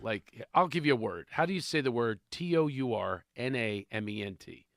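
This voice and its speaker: A man from Philadelphia with a Philadelphia accent, a comedian telling animated jokes in a radio studio. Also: medium pitch, normal speed, no echo. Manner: animated joke-telling, acts out voices. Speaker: comedian guest. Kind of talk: radio studio banter, storytelling.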